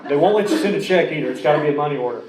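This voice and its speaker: A man's voice: a little high, lively intonation, very fast, reverberant, noisy background. Rambling man telling his recovery story. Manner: rambling, with many restarts and asides. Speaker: recovery speaker.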